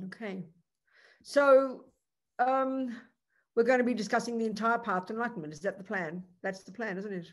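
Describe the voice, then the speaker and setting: A woman's voice: on the high side, moderate pace. A woman teaching the Dharma as a Buddhist nun, talking conversationally and earnestly, with rhetorical questions, restarts and frequent asides.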